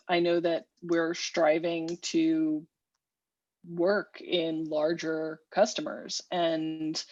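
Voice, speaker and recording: A woman engineering manager speaking slowly and deliberately in a work video-call meeting. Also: deep voice, a little mellow, no echo, highs cut off.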